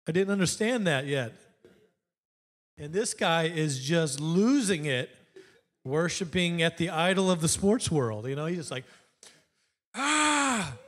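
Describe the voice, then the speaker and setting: A man's voice: a little high, a little slow, pauses often, fairly bright tone. A man preaching a sermon to his church, telling a story in a conversational way. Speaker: pastor.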